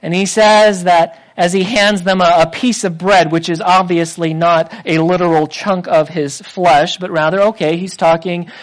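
A man's voice: high voice, steady tone, normal speed, hardly any pauses, low-quality recording. A man preaching a sermon, explaining scripture, often restarting and repeating words. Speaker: pastor. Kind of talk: sermon teaching.

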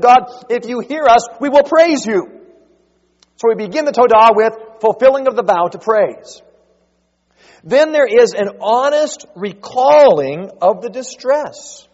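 A man preaching a sermon, rising to loud, drawn-out emphasis as he quotes scripture. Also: high-pitched, long reverb tail, highs cut off. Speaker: pastor.

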